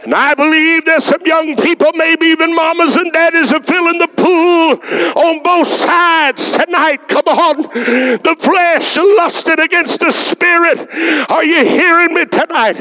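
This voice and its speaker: A man, shouting out fervent lines and stretching his words slowly. He calls on the congregation to answer back in a church service. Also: very high-pitched. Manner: shouting, fervent, drawn-out exclamations. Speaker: preacher. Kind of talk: sermon with congregation call-and-response. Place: church sanctuary.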